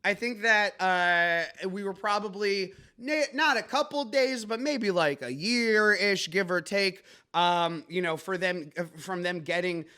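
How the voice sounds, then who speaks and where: A man's voice: sits high, a little slow, few pauses, pushed and bright, smooth. A man hosting a comedic news podcast, rambling and joking with many fillers and restarts. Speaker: podcast host.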